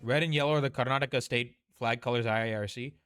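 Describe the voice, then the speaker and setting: A man's voice: medium pitch, quick pace, fairly bright tone, smooth, no room sound, studio quality. A man giving casual commentary over a video, explaining at length, restarting his sentences, and openly scornful of police. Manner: explanatory, restarts and corrects himself; blunt, scornful toward police. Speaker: commentator reacting to footage.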